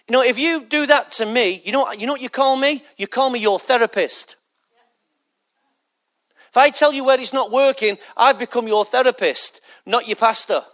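A man's voice: extremely high pitch, pushed and bright. A man preaching a sermon as pastor, emphatic and joking as he speaks straight to the congregation.

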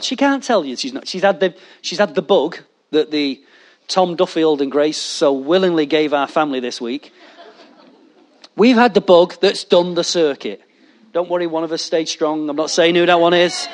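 A man preaching a sermon, animated and jokey, talking straight to his congregation. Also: sits high. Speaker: pastor.

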